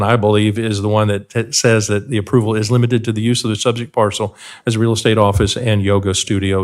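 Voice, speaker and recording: Man rattling off a staff report. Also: fairly low pitch. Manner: rapid-fire briefing, self-described auctioneer pace. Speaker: county planning staff presenter. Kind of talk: staff report at a public board meeting. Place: public meeting room.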